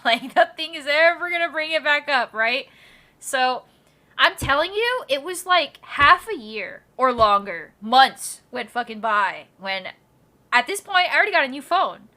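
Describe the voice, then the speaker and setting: Bright-voiced young woman streamer, laughing. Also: high-pitched, moderate pace. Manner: animated, laughing, swearing casually. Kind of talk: casual storytelling to chat.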